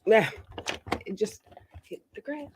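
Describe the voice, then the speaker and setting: A woman streamer in casual chat, relaxed and asking short questions. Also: medium pitch, slow, noisy background. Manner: relaxed, asks short questions, laughs along.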